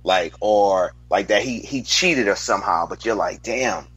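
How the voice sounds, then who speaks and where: A man in a heated sports debate, arguing in a deliberate, emphatic way. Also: lowish voice, fairly bright tone, breathy edge, no room sound. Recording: dull lo-fi dry sound.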